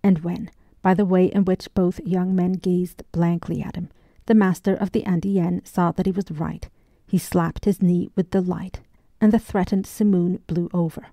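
A woman narrating a novel in a measured, even way. Her voice is low and mellow, recorded close with no room echo at all. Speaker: audiobook narrator. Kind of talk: scripted narration.

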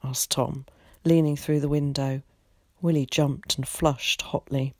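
A woman's voice: low-pitched, no echo, clean studio sound. Woman teacher reading a story aloud. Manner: expressive, measured storytelling. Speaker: primary school teacher.

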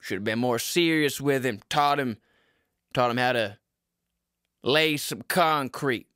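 Man plays stern old-school father, deep, gruff, folksy and scolding. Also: measured pace, bright, forceful tone, no echo, studio quality. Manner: blunt folksy scolding with rural turns of phrase.

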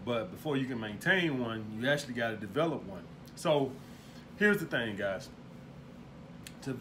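A dating and lifestyle coach speaks in a casual monologue to viewers, blunt and heavy on swearing, asking "all right?" over and over. His voice is medium-pitched and a bit bright, with a little hiss or hum in the audio.

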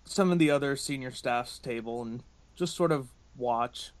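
A man's voice: medium pitch, normal speed. Casual man playing a tabletop game. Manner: casual, hesitant. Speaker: player. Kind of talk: tabletop role-play.

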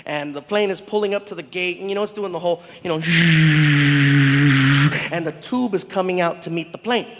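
High-voiced man doing animated stand-up. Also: normal speed, long reverb tail, a little hiss or hum. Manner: animated, acts out the people in his story. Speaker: stand-up comedian. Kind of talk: stand-up storytelling.

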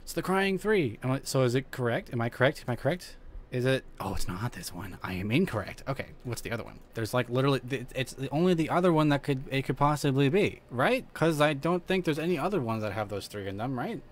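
Animated male streamer cursing at a horror game. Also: mid-range voice, quick pace, slight background noise. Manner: talks to himself, swears and yells at the game. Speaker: gaming streamer. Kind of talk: let's play commentary.

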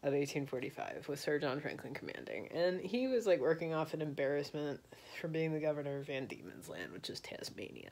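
A woman's voice: sits low, sing-song, brisk, darkish tone. A tipsy woman telling a history story in a rambling, slangy, loose way. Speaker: vlogger.

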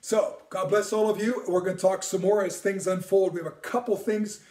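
A man's voice: high-pitched, steady tone, moderate pace, darkish tone, echoey room, recorded from a distance. A man, a priest, teaching on prayer in an earnest way, repeating words and at times dropping almost to a whisper.

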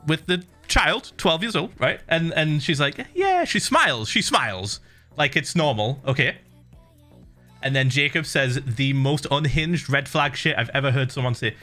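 A middle-aged man streaming to a live chat, ranting in an animated, exasperated way, swearing freely and laughing in disbelief. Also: a little high. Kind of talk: casual rant to a live chat while gaming.

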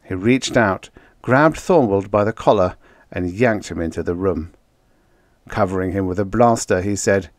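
A man narrating a vintage science fiction story in a measured storytelling manner. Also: low voice, no room sound. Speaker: audiobook narrator. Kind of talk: scripted narration.

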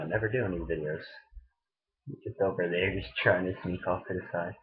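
Young male vlogger, husky, a bit low, profane rambling storyteller, lo-fi webcam audio. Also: steady tone, a little fast. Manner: rambling, profane, laughing a lot. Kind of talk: casual storytelling vlog. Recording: dull lo-fi webcam recording.

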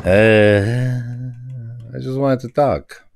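A man streaming a retro driving game, excitably talking to the game and getting frustrated as he plays. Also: mid-range voice, extremely slow, faint music behind. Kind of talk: live gameplay commentary. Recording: noisy with game car sounds.

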